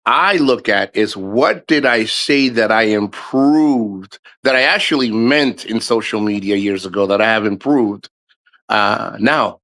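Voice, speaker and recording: A man's voice: mid-range voice, a bit bright, low-quality recording. A middle-aged man talks through a loose livestream monologue in an ordinary mid-range voice. He rambles and cusses freely, speaking candidly to his viewers. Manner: candid, rambling, swears often. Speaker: livestream host.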